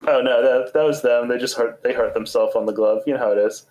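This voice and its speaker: Guy playing a tabletop game, jokey and offhand, cusses casually, medium pitch. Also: steady tone, fast, darkish tone, low-quality recording. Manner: joking, offhand, swears casually. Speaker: player. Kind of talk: casual role-play chat.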